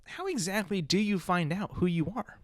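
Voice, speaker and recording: A man's voice: high voice, animated, normal speed, no room sound. Rambling male podcast host. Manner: rambling, restarts, rhetorical questions. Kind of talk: casual comedic monologue.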